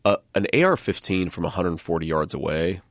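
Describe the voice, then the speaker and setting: Middle-aged male guest, low and gravelly, halting conversational delivery. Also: dry recording. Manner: halting, repeats words. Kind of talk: casual conversation.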